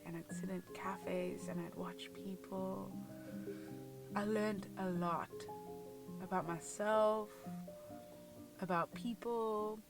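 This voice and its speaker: A woman's voice: medium pitch, rough recording. A young South African woman with a South African accent, telling a personal story in a frank, conversational confessional way as a vlogger in her car. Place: inside a car.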